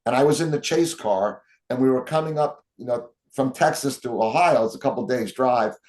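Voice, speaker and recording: A man's voice: medium pitch, normal speed. A man telling stories as an interview guest, acting out the quotes of the people in them. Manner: animated storyteller, acts out quotes. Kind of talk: storytelling interview.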